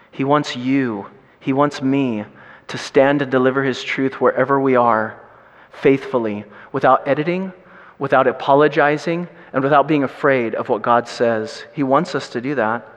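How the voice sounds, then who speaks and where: A man preaching a sermon to a congregation, telling stories with big swings in his voice. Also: normal speed. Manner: animated storytelling with big pitch swings. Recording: reverberant hall.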